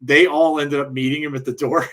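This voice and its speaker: A man's voice: a little high, little pitch movement, brisk, a bit bright. Rambling man telling stories. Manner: rambling storyteller, frequent restarts and laughs. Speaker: wrestling podcast co-host. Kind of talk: casual chat.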